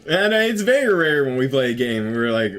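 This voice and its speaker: A man's voice: medium pitch, very animated, brisk, a bit bright. A young man playing a horror game and commenting casually in a laid-back, easygoing way. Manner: laid-back, laughs easily. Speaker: gaming co-host playing the game. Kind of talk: casual let's-play commentary.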